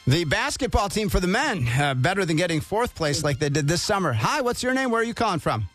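A man running a morning call-in trivia segment on the radio, trading quick jokes with callers. His voice sits a touch high, with music playing softly underneath. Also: sing-song. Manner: jokey, upbeat, quick asides. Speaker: radio morning show host. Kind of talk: casual radio banter taking calls.

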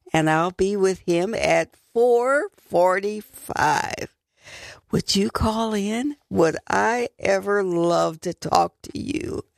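Earnest woman radio Bible teacher, unhurried delivery with a gravelly edge. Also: fairly low pitch, no room sound, clean studio sound. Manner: warm, earnest, emphatic on key words. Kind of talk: devotional radio talk.

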